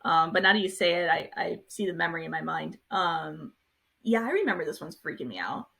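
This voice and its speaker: A woman's voice: fairly low pitch, animated, a little fast, vocal fry, sharp tone, husky. A young woman co-hosting a podcast, chatting casually and hesitantly, searching for words. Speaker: podcast co-host. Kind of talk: casual chat.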